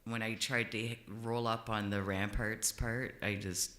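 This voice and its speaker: A woman's voice: extremely low pitch, little pitch movement, a little slow, a bit bright. Giggly shy middle-aged woman, echoey room. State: stuffed-up nose. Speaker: guest singer on a live music stream. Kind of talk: casual chat. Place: hot indoor room under lights. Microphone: headset.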